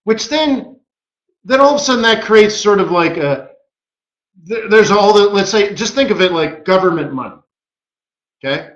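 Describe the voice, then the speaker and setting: A man hosting a live trading webinar, telling stories in a casual, animated way and acting out the voices of the people he quotes. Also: high voice, moderate pace, long pauses. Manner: animated storyteller who acts out quoted voices. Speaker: forex market strategist and webinar host. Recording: echoey room, dull lo-fi audio.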